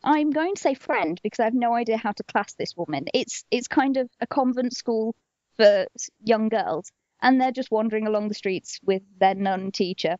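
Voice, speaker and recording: A young woman co-hosts a casual podcast, bouncing through stories and throwing in goofy voices for the people she quotes. Her voice sits a little high, and the recording is dry and lo-fi. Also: normal speed, no echo. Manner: animated storyteller, acts out quotes in silly voices. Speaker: podcast co-host. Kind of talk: casual chat. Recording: dull lo-fi podcast audio.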